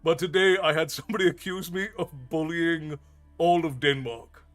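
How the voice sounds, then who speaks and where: Chatty man, slightly high voice. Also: steady tone, normal speed, fairly bright tone, soft background music. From United States. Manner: rambling, self-amused, laughs often; reads and answers viewer chat. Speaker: storytelling streamer. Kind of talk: casual live-stream chat.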